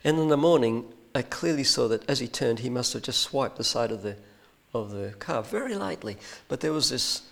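Guy with a bit of fry in his voice rambling through a travel story, lots of ums, then turning it into a little god moment. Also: medium pitch, animated, normal speed. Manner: rambling, hesitant, with many ums and restarts. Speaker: speaker sharing a personal testimony. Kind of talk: anecdotal storytelling with a spiritual point.

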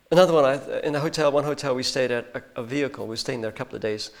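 A brisk, mid-range male voice tells a personal story meant to make a spiritual point. As a speaker sharing his testimony, he wanders and hesitates, with many ums and restarts.

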